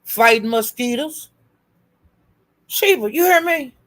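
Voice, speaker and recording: A woman's voice: on the high side, animated, slow pace, fairly bright tone. A woman hosting a live stream, taunting someone with profane, repetitive insults and calling out to her chat viewers by name. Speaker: livestream host.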